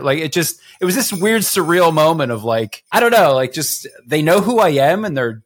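A man's voice: on the high side, big pitch swings, normal speed, hardly any pauses. A man co-hosting a podcast in casual group chat, enthusiastic and rambling, laughing often. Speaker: podcast co-host.

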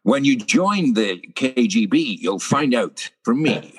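A man doing a slow, drawling impression of a famous older film star. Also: medium pitch, lively intonation, pushed and bright, husky, heavily acted, low-quality recording. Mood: mock grand.

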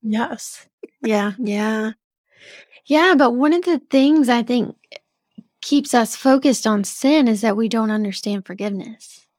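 A woman's voice: on the high side, slow pace, darkish tone, no room sound, clean studio sound. A woman co-hosting a faith podcast in casual chat, who mostly gives agreeing backchannels and brings in the next topic. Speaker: podcast co-host.

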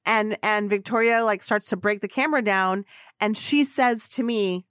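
A woman hosting a podcast, telling a personal story in an excitable, gushing way and swearing casually. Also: medium pitch, moderate pace, clear, resonant tone, dry recording, clean studio sound. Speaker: podcast host.

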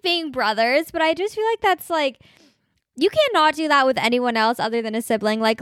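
A young woman hosts her own podcast, telling stories casually with lots of "like" and frequent laughter. Her voice sits a little high. The sound is close and dry, with no room echo. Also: smooth. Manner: chatty, animated, laughs while telling stories, many "like" fillers. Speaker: podcast host. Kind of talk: casual storytelling monologue.

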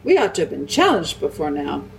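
A woman voicing a gruff male dwarf who mutters and grumbles. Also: sits low, wildly swooping pitch, fairly quick, recorded from a distance, a little hiss or hum, heavily acted, rough recording. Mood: grumbling.

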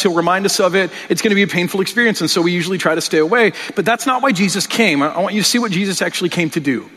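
In a high, fairly bright voice, a man delivers a conversational sermon as pastor, asking rhetorical questions and frequently repeating words when he restarts. The recording has long hall reverb.

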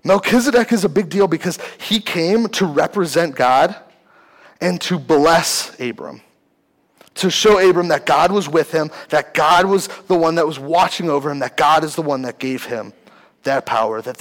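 A young man preaching a relaxed sermon to a youth group from the stage of a church. His voice sits a little high for a man, and he talks in a loose, conversational way, full of "like" and quick restarts. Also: rough recording. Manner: conversational, uses many fillers like "like". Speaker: youth pastor. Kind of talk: casual sermon. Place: church hall, speaking from a stage.

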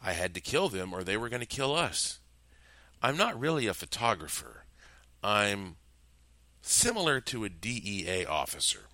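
A calm, menacing killer with a fatherly ease, as a man voices him, his low voice slow and unhurried. The tone is bright and forceful, and the sound is close and dry. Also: no echo, heavily acted.

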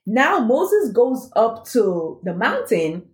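A woman in a casual faith chat, animated and laughing often as she acts out voices. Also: fairly high pitch, slow pace. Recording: roomy echo.

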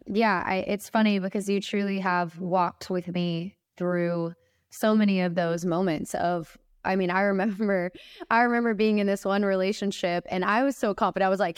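A woman's voice: medium pitch, clean tone, no echo, studio quality. A young woman guest telling a heartfelt faith story in a candid, earnest way. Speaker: podcast guest.

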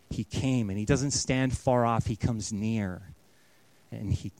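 A man in his thirties, a pastor giving an earnest storytelling sermon that often drops to a hush. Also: mid-range voice, fairly even intonation, measured pace.

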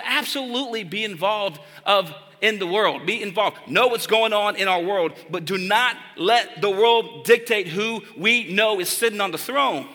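A man preaching a sermon as pastor, animated and direct, calling on his listeners. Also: high-pitched, normal speed. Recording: long hall reverb.

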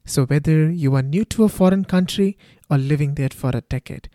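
A man's voice: a little high, fairly quick, dark tone, dry recording, studio quality. Indian-accented man hosting a podcast. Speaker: podcast host. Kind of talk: scripted podcast introduction. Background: faint guitar music.

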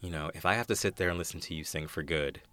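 An American man in his thirties, a guest actor telling stage stories in a casual interview, animated and often laughing. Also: low-pitched, fast. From United States. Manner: animated storyteller, acts out quoted voices, laughs often.

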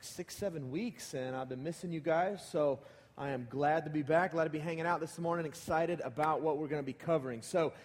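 A man's voice: a little high, darkish tone. A man in his thirties preaching in a casual, conversational way and leading the congregation in call-and-response. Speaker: pastor. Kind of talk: sermon. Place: large church hall. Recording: long hall reverb.

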